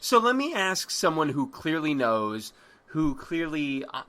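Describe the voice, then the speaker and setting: A male podcast host interviews his guest over the phone in a loose, joking way, often stumbling and restarting his sentences. His voice is bright and very lively in pitch, ranging up and down. Faint hiss and clicks sit under the recording. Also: unhurried. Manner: loose, joking, stammering restarts, casual swearing. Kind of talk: casual interview hosting. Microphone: phone call.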